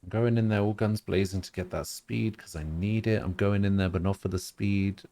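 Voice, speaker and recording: A man's voice: on the low side, fairly even intonation, normal speed, mellow, no room sound. A man streaming a video game live, chatting casually and joking at his own expense. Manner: joking, self-mocking, laughs often.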